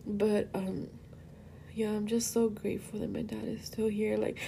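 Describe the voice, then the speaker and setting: Unhurried and mid-range, a young podcast host's mellow, creaky voice shows little pitch movement as she rambles emotionally about her father. She's tearful at times and drifts between English and Spanish, with slight background noise present.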